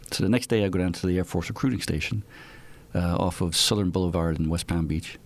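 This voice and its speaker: A man in his fifties from Ireland, speaking with an Irish accent, appears as an interview guest and tells chatty anecdotes in a casual style. His voice is low-pitched and he talks quickly.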